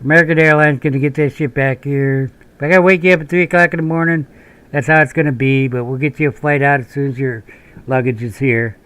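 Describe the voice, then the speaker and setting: A man's voice: medium pitch, fairly even intonation, fast talker, a bit bright, close to an everyday voice. A man doing a brash Southern army sergeant. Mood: reassuring. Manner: gruff, blunt, profane.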